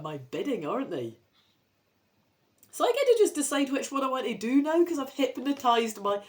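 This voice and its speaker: A woman's voice: medium pitch, darkish tone. A woman with a Scottish accent reading a children's adventure book aloud, rambling and chatty with sweary asides. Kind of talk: casual read-aloud with asides.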